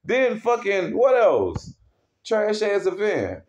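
A man's voice: high-pitched, wildly swooping pitch, slow. A man angrily ranting as a wrestling fan, heavy with profanity and worked up. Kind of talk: casual rant. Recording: dull lo-fi recording.

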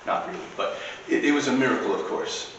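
A man's voice: mid-range voice, fast, fairly bright tone, a little hiss or hum. Man preaching in an echoey church. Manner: conversational preaching with asides. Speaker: priest. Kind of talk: sermon. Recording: echoey church recording from far off.

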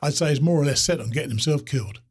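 A man's voice: fairly high pitch, rapid-fire, darkish tone, husky. A man doing a wry, teasing trail veteran. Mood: wry, joking. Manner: dry teasing humor. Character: wry, easygoing male trail veteran joking over coffee.

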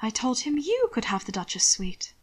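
A woman voicing a wry, gentle young nobleman in a read-aloud story, dry in manner. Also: on the high side, sing-song, normal speed, slightly rough. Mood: hushed.

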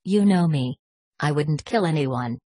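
A woman voicing a calm, earnest man pleading his innocence in an audiobook. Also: deep voice, a little slow, husky, full character voice. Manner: quiet, earnest.

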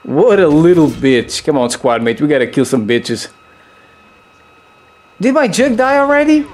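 A young man giving loose, excitable gameplay commentary, swearing freely and jumping into high yelps. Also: normal speed.

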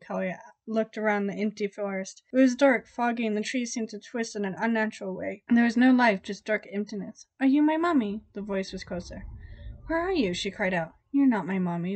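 A woman narrating a dramatic romance story with expressive emphasis. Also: medium pitch, no room sound. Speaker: audiobook reader.

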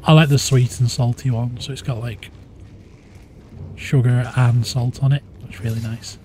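A man streaming a game live, chatting casually with viewers in a low-key, easygoing way. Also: level tone, moderate pace, darkish tone, slight background noise. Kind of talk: casual live-stream chat while gaming. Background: game music.

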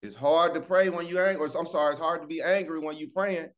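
A man hosting a casual morning devotional on a video call, lively and preachy, calling out to listeners by name. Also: a little high, quick pace. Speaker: morning show host.

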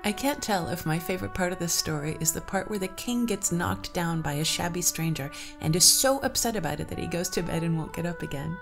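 A woman narrating an old folktale and adding her own commentary, in a measured, even way. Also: lowish voice. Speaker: storyteller and podcast host.

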